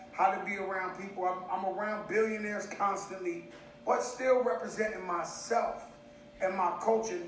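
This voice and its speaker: A man's voice: sits high, recorded from a distance, a little hiss or hum. A man hosting a casual live stream from home, telling boisterous stories. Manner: boisterous, animated storytelling. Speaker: host. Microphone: phone. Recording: echoey room, voice off-mic.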